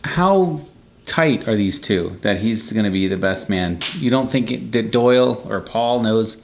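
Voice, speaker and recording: A man's voice: on the low side, expressive, measured pace, vocal fry, a little hiss or hum. Joking man podcast co-host. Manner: joking, asks questions. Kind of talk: casual chat.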